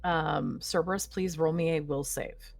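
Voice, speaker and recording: A woman narrating as game master, making quick rule calls over faint music. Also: sits low, fairly even intonation, vocal fry.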